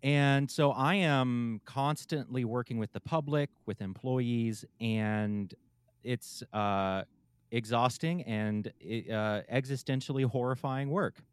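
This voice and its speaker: A podcast host records a casual intro and sponsor read from a room in his home, chatty and candid as he jokes at his own expense and thanks listeners. His medium-pitched voice is smooth and unhurried, captured dry with studio quality.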